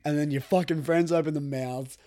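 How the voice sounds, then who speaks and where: A man's voice: fairly high pitch, fairly even intonation, brisk, dark tone, slight background noise. A young man in casual podcast chat, reacting with crude jokes and banter. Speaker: podcast co-host.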